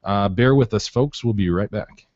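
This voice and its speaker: A man's voice: on the low side, normal speed, darkish tone, no echo, muffled recording. A man co-hosting a casual podcast, telling news stories in a loose, laughing way and swearing freely. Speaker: podcast co-host.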